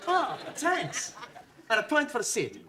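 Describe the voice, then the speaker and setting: An actor playing a cheerful Italian adult student with broken English, in a 1970s studio sitcom. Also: male voice, very high-pitched, huge pitch swings, takes it slowly, noisy background, heavily acted. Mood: jolly.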